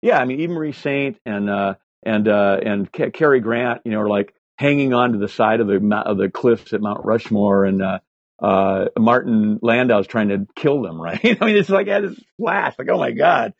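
Swearing often and leaning on fillers, an older male guest in his sixties recounts animated tales at a moderate pace during a casual interview. His voice is husky and middle-pitched, captured in dry, somewhat dull, lo-fi sound.

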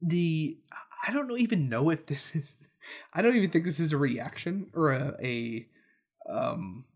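A man's voice: on the high side, expressive, measured pace. A man who co-hosts a podcast and runs tabletop games, telling a story in a rambling casual way with many restarts. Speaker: podcast co-host and dungeon master.

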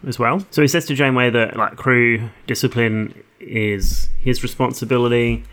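A man's voice: mid-range voice, fairly even intonation, moderate pace, fairly bright tone. A young man, co-host of a podcast, chatting casually and rambling through an episode recap with lots of laughter and self-mockery. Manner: giggly, rambling, self-mocking.

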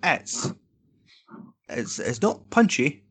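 Bright-voiced sweary co-host. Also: male voice, fairly high pitch, very animated, drawn-out words, breathy edge, no room sound. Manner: blunt, sweary, teasing. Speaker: podcast co-host. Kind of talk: casual chat.

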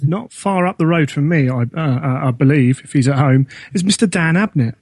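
A man's voice: fairly high pitch, a little fast, a little mellow, breathy edge, no room sound. A man co-hosting a podcast, good-humoured and a little hesitant as he asks questions. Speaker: podcast co-host. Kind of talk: casual podcast interview.

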